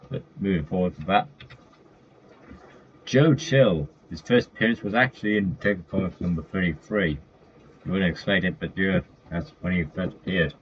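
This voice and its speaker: A man with a low, husky voice offers casual commentary while running through a list of comic villains. He rambles, using fillers and correcting himself. The mic sounds dull and lo-fi, with faint background noise.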